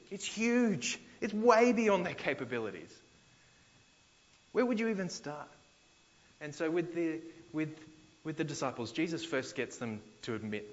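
A man's voice: on the high side, lo-fi sound. A man with an Australian accent preaching a sermon as pastor, conversational, retelling scripture in everyday slang.

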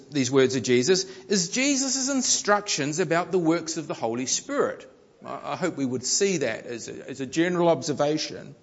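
A man's voice: fairly high pitch, long reverb tail, highs cut off. A man preaching a sermon, reading scripture aloud with strong, varied emphasis.

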